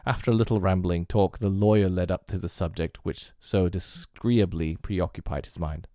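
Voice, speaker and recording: A man narrating a classic novel as an audiobook in a measured, deliberate reading. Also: low voice, fairly even intonation, dark tone, no room sound, clean studio sound.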